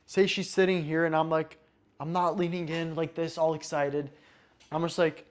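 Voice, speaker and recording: A man giving dating advice to the camera in short, emphatic commands, sometimes acting out slow, relaxed lines. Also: on the high side. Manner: acts out relaxed date lines slowly. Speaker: dating coach. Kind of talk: direct-to-camera advice talk.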